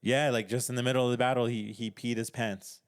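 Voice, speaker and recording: A male podcast co-host in casual conversation, with a mid-pitched voice. He speaks hesitantly and self-consciously, stumbling over restarts as he works out what he wants to say. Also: steady tone, brisk, clear, resonant tone. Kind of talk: casual chat.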